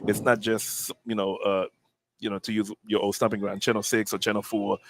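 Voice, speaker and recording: A man who owns and cooks at a restaurant, talking in a relaxed, plain-spoken way during casual chat. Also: on the low side, a little fast, gravelly, background noise. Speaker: restaurant owner and chef.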